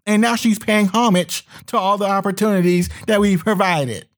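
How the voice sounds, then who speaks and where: A man putting on the voice of a smug, condescending man in a mocking singsong tone, pitched above his own voice. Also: steady tone, normal speed, close to an everyday voice. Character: smug, condescending man, patronizing and self-satisfied.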